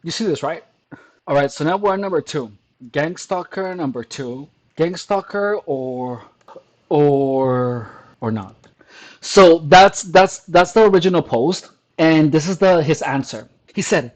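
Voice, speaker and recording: A man's voice: fairly high pitch, lively intonation, measured pace, poor audio. A man doing casual, crude commentary on online comments, scoffing, laughing often and restarting his sentences, talking at home. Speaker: commentary vlogger reacting to comments.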